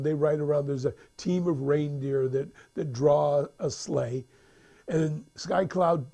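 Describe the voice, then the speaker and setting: A man's voice: a little high, creaky, dark tone, husky. A man casually retelling a film's plot, rambling with many restarts and acting out the characters' lines. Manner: rambling, full of restarts and fillers, acts out quotes. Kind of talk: casual storytelling.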